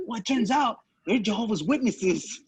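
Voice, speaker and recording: A man's voice: sits high, animated, moderate pace, rough recording. A man co-hosting a podcast, telling a rambling story in casual chat, with lots of "you know" and "right?". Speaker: podcast co-host.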